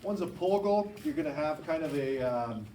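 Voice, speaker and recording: A man teaches a biology class, talking quickly and casually as he walks through the handouts. He is heard from a distance, and the classroom around him is roomy and echoing. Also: on the high side, animated, noisy background. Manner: quick, informal, self-correcting. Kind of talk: classroom instruction. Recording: echoey classroom, far from mic.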